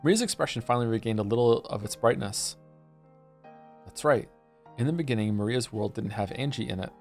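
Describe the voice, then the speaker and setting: A man's voice: mid-range voice, lively intonation, fairly quick. Male streamer narrating a visual novel, casual, with music in the background. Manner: casual, self-deprecating asides.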